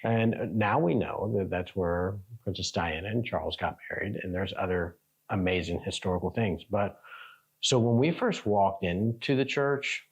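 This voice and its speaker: Husky, low-voiced American man chatting. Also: normal speed. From United States. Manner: rambling, restarts and laughs, animated storytelling. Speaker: travel vlogger. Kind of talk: casual reaction chat.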